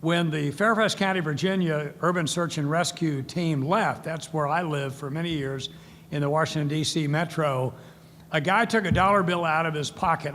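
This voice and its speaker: A man's voice: on the high side, a bit bright, slight background noise. Older man speaking in a reverberant hall. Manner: storytelling, acts out quoted voices. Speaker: keynote speaker. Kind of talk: speech. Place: large event hall. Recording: long hall reverb, faint ambience.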